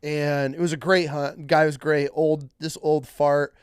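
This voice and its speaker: A young man, a hunting guide, telling stories in casual podcast chat, acting out clients in higher voices and laughing as he goes. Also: a little slow, clean tone, no echo, studio quality. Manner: animated, acts out clients in higher voices, laughs mid-story.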